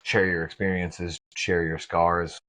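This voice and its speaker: A man's voice: low-pitched, little pitch movement, unhurried, fairly bright tone, poor audio. A man co-hosting a podcast in a blunt, joking way, swearing casually. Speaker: podcast co-host. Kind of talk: casual chat.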